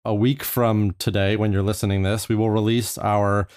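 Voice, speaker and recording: Upbeat podcast host, dry and close. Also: male voice, lowish voice, flat delivery, moderate pace, darkish tone, smooth, no room sound. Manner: upbeat, easygoing banter. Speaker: podcast host and licensed therapist. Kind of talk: casual podcast chat.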